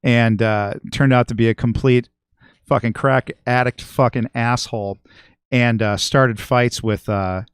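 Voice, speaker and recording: A middle-aged man tells a rambling, profanity-laden story into a close studio mic. His voice has a smooth, resonant tone at a mid pitch. The room sound is dry and tight. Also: steady tone, unhurried, no echo. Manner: profane, rambling, swears constantly. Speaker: guest musician and regular. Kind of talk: casual podcast storytelling.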